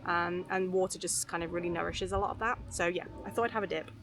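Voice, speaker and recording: A young woman talking candidly to camera outdoors by a river, soft and unhurried with lots of fillers and restarts. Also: on the low side, fairly even intonation, slight background noise. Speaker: vlogger. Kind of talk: candid rambling talk to camera. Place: outdoors beside a river on a footpath.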